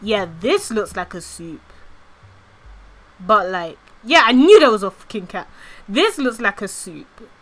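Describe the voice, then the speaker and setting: Bright-voiced giggly woman streamer. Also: medium pitch. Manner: rambling, giggly, swears casually. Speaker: VTuber streamer. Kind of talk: casual livestream chat.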